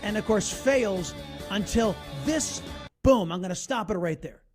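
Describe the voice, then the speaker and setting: A man hosting a talk radio show, telling a story in an animated monologue. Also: high-pitched, unhurried, faint music behind. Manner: animated storytelling, narrates an ad over its soundtrack.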